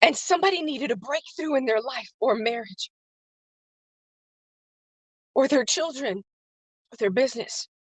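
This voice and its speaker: A woman's voice: sits high, measured pace, long pauses, slightly rough, dry recording. Woman on a livestream, earnest and emotional, repeats herself a lot, dry close sound. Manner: greets chat viewers by name. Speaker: livestream host and faith-based business coach. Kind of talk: live-streamed motivational talk.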